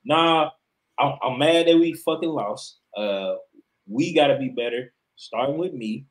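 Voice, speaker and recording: A man's voice: medium pitch, lively intonation, measured pace, poor audio. A man co-hosting a sports podcast, talking in a casual, emphatic and profane way as he argues his opinion. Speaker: podcast co-host.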